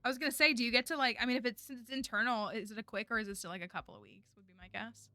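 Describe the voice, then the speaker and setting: A woman's voice: on the high side, racing, bright, forceful tone, slight background noise. A woman streaming a game, talking casually and rambling with lots of fillers. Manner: chatty, rambling, many fillers like "like" and "um". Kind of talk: casual gameplay chat.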